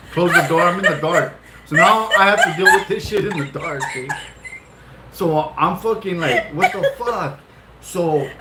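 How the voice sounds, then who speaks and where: A man, telling a long, profane story in a casual vlog while laughing through it. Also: high-pitched. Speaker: vlog co-host. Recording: echoey room with loud noise.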